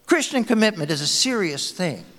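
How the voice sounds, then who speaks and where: A man's voice: sits high, big pitch swings, moderate pace, long reverb tail. A man preaching a sermon as a pastor, telling anecdotes in a conversational way to his congregation. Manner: storytelling, conversational, warm anecdotes.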